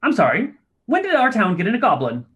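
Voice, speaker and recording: A man's voice: sits high, huge pitch swings, brisk, crowd noise, pitched above the performer's own voice. A man voicing a tiny male forest gnome who talks in a fussy, haughty way. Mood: polite.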